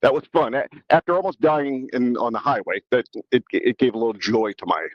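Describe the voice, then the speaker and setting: A male podcast host tells a story in a loose, rambling way and keeps restarting his sentences. His voice sits in a middle pitch range. The recording is dry and a little dull. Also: brisk, dry recording. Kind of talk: casual chat, storytelling.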